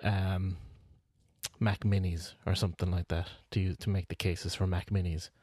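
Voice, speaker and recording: A man's voice: low-pitched, little pitch movement, moderate pace, mellow, husky, dry recording, studio quality. A man co-hosting a podcast in casual chat, rambling with lots of fillers and restarts. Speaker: podcast co-host.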